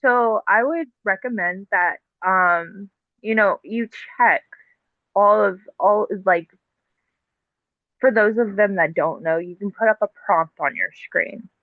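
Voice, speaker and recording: A woman's voice: medium pitch, takes it slowly, dry recording. A woman speaks as a podcast guest, explaining things in a loose, filler-heavy way. Her voice arrives over a thin, phone-like line with a dry, close sound. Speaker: podcast guest, TikTok live host. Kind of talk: casual conversational interview.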